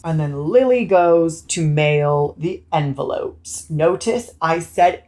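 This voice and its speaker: A man's voice: fairly high pitch, takes it slowly, few pauses, a little mellow. A young man with a British accent, recapping a film in a sassy, camp, swearing manner. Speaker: film reviewer. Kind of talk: casual movie recap.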